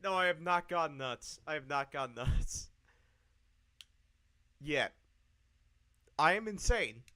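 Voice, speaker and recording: A man's voice: on the high side, animated, slow pace, sharp tone. A man streaming live, ranting angrily with heavy swearing and repeating his points. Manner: profane, angry, repeats himself.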